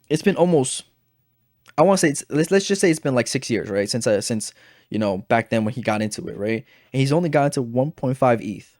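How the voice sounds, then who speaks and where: A young man telling a story to camera in a casual, animated, exasperated way, full of filler phrases. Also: medium pitch, no room sound, clean studio sound. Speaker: investing video creator.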